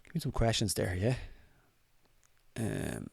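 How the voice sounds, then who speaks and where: Man, low voice, slight cold, dry close sound, swearing, laughing, casual chat. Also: very animated, unhurried, gravelly, husky, no echo. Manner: loose, swears often, laughs a lot. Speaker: podcast co-host.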